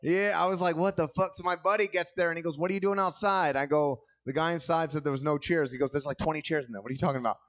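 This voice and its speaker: A man's voice: fairly high pitch, fairly even intonation, fast, few pauses. A man doing a stand-up comedy set on a club stage, telling loose, rambling stories full of crude jokes into a handheld mic.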